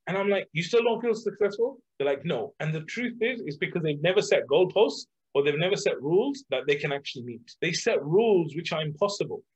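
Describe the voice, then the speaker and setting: A middle-aged man, a coach, talking casually about self-love with lots of fillers and lively examples. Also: fairly high pitch, brisk, hardly any pauses, a little hiss or hum. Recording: dull lo-fi sound.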